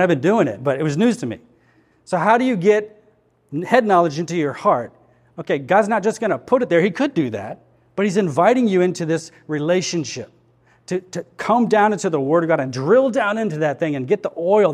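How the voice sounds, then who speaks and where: A pastor speaking to his congregation in an earnest, conversational way, often turning to questions. His voice sits somewhat high for a man. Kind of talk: sermon. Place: church.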